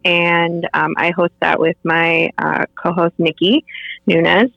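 A woman's voice: on the low side, little pitch movement, slow pace, creaky, dry recording. A woman chatting as a podcast guest, chatty with many fillers, over muffled remote call audio. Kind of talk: casual chat.

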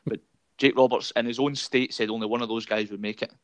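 A man's voice: mid-range voice, steady tone, fast talker, dry recording. A Scottish man hosting a casual chat, rambling with many fillers and frequent laughs. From Scotland. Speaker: podcast host.

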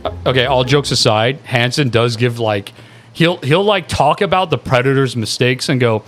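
A man's voice: medium pitch, moderate pace, a bit bright. A young man co-hosting a podcast, joking crudely in a put-on British accent. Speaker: podcast co-host. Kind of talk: casual podcast banter.

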